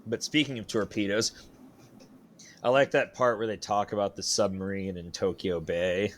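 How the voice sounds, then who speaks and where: Podcast guy, low voice, dry jokes, teases his buddy, some swearing. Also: fairly even intonation, normal speed. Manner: dry, teasing banter with profanity. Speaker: podcast co-host. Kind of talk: casual chat.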